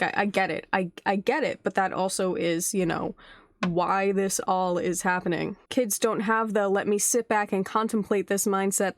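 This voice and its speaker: A woman's voice: medium pitch, no room sound, clean studio sound. Woman hosting casual commentary. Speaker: host.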